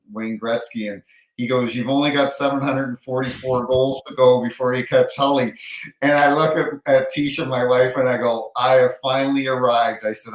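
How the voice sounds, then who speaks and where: Middle-aged guy telling a lively hockey story, acts out other ppl's lines, echoey room. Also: mid-range voice. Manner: animated anecdote with quoted voices. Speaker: NHL referee, podcast guest. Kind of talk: casual storytelling. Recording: roomy echo.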